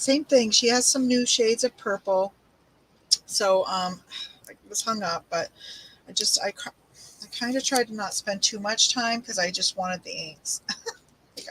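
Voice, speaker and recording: An older woman hosts a craft livestream, rambling casually as she unpacks and shows off supplies and greets viewers by name. Her voice is a little high with a fairly bright tone. The recording is rough, with a bit of hiss or hum.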